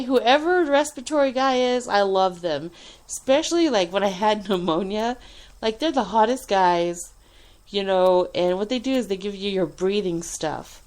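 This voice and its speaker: A woman telling a personal hospital story in a casual, animated way, swearing often and laughing between lines. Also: mid-range voice. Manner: animated, profane, frequent laughs and fillers. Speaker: radio show host telling a personal story.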